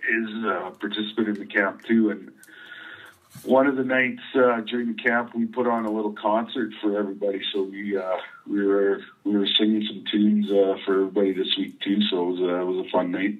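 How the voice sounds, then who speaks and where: Low voiced guy from canada calling in, kinda hesitant, muffled phone sound. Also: little pitch movement, brisk. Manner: modest, hesitant, many fillers. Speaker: interview guest. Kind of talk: phone interview.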